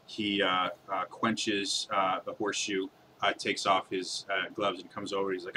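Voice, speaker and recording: Bright-voiced man running a tabletop game. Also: low voice, flat delivery, moderate pace, hardly any pauses, a little hiss or hum. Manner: hesitant, many fillers. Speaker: game master.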